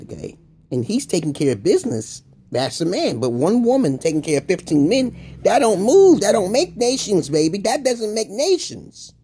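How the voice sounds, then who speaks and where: A man in a profane, rambling video monologue, dropping to low mutters and then jumping to high exclamations. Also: warm tone, slightly rough. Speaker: video blogger. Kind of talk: casual ranting monologue.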